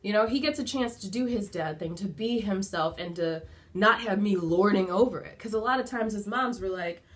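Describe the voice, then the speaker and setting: Speaking at a moderate pace in a medium-pitched voice, a woman offers frank motherly advice straight to the camera from inside her home. She's talkative and candid, leaning heavily on fillers such as "like" and swearing now and then, and the whole thing feels like a laid-back motivational vlog.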